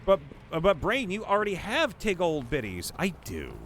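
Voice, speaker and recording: An adult, not young, male streamer and voice actor plays a game live, his high-pitched, fairly bright voice swinging hugely in pitch at a moderate pace. He chats casually and launches into crude, profane joking rants over game music, with slight background noise.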